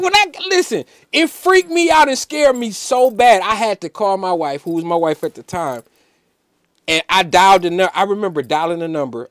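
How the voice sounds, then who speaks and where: A man, a musician guest on an interview show, telling a personal story in an animated, emphatic way, full of "like" fillers. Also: a little high, dry recording, clean studio sound. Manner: emphatic, preacher-like insistence.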